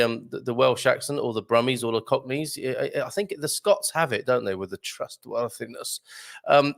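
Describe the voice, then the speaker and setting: A man's voice: medium pitch, creaky, fairly bright tone. A man hosting a live morning show, chatting casually and jokily through viewer comments with plenty of ums and laughs. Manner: chatty, jokey, laughs often, lots of ums. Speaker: host. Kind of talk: live-stream chat reading viewer comments.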